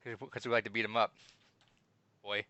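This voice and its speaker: A man reading out trivia on a gaming podcast, teasing the others and laughing along. His tone is bright and forward. The mic is close and dry, with no room sound. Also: on the low side, level tone, brisk, dry recording, dull audio. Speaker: podcast host running a trivia quiz. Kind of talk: casual gaming podcast banter.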